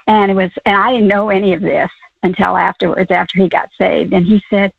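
An older woman calling in to a radio program, telling her story haltingly with many fillers. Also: mid-range voice, level tone, vocal fry, husky, no echo. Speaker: caller. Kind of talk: call-in testimony. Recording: phone line.

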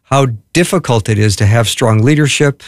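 A male show host who introduces his guest and asks questions, friendly and quick to laugh, with loose phrasing. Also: mid-range voice, no room sound, studio quality. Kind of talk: interview hosting.

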